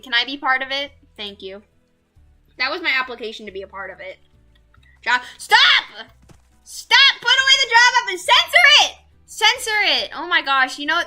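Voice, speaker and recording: Bright-voiced young woman streamer. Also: sits high. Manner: gushing, squeals over cute things. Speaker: VTuber streamer. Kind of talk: casual gameplay chat with viewers.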